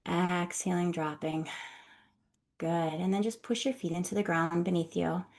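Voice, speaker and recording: A woman who works as a somatic healer, leading a guided breathing exercise with soft-spoken, calm instructions and affirming encouragement. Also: on the low side, unhurried.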